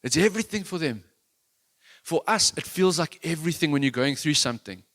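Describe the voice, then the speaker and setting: Earnest, higher-voiced male preacher. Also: fairly quick. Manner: earnest, conversational, self-deprecating; animated, with many restarts. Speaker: worship leader giving a sermon. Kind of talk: sermon.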